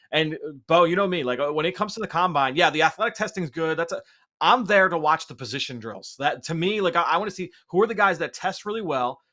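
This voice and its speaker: A man talks through a newly drafted player in close detail, piling up numbers and workout notes. His voice sits a little high and comes across bright and forceful, carrying clearly over the live show chatter. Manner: detailed, stat-heavy breakdown. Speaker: draft analyst.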